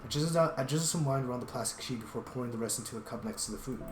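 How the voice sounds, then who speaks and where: A man reads a story game aloud in an earnest, reflective voice of ordinary pitch, stumbling now and then. A roomy echo surrounds him, and game music plays behind. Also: rapid-fire. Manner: earnest, reflective reading with small restarts. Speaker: game streamer.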